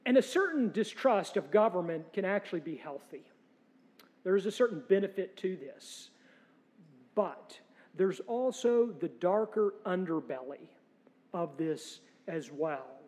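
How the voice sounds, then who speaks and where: A male pastor preaches with a fairly high yet mellow, dark-toned voice. He is earnest and emphatic, tossing in rhetorical questions and dry jokes. The sound carries a long church-hall reverb. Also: lively intonation, measured pace, husky. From United States. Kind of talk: sermon.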